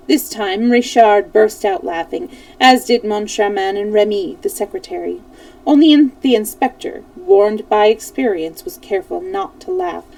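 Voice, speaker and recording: Warm gravelly woman reading a story aloud. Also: mid-range voice, recorded from a distance, rough recording. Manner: expressive read-aloud, stumbles over names. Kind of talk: reading a novel aloud on a live stream.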